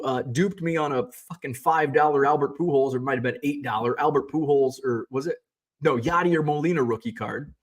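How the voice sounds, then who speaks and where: A middle-aged man hosting a casual livestream, reading viewer comments and ranting in a sarcastic, profane way. He rambles, restarting his sentences often. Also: fairly high pitch. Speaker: host of a sports card selling livestream.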